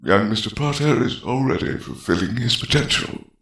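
A man voicing a calm, courteous elderly male headmaster with a measured, polite delivery. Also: medium pitch, creaky, echoey room, pitched above the performer's own voice. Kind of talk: audiobook fan fiction reading.

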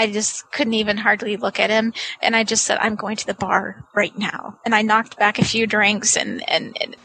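A woman's voice: on the high side, pushed and bright, a little hiss or hum, rough recording. A woman co-hosting a podcast, telling a long personal story with many halts and restarts. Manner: halting, restarting anecdote teller. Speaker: podcast co-host. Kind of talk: casual storytelling.

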